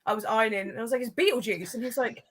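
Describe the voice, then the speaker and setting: A woman telling stories in a casual chat with friends over a video call, animated and laughing often. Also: a little high, very fast.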